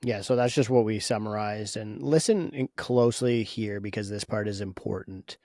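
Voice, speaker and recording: A man's voice: fairly low pitch, normal speed, darkish tone, dry recording. Dry-voiced opinionated podcast co-host man. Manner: opinionated, thinks aloud with frequent restarts. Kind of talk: casual podcast discussion.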